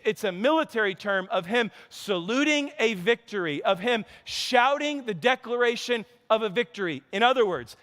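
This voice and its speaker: A man preaching a sermon as pastor, telling stories with animated delivery and acting out characters' voices. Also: sits high, big-room sound. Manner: energetic storytelling preacher, acts out characters' lines. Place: church sanctuary.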